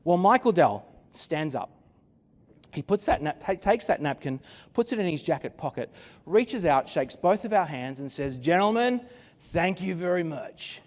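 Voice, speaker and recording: A man's voice: on the high side, lively intonation, normal speed, darkish tone, long reverb tail. A man giving a conference keynote, telling a story dramatically with wry asides into a stage microphone. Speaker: keynote speaker. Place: conference venue.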